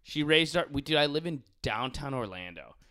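Bright-voiced young guy swearing casually. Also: mid-range voice, moderate pace. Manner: animated, swears a lot, says "dude" constantly. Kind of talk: casual podcast chat.

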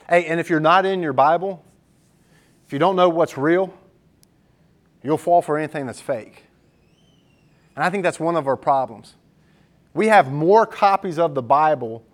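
A male pastor preaching a sermon in an earnest, emphatic, conversational way, mixing scripture with personal stories. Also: a little high.

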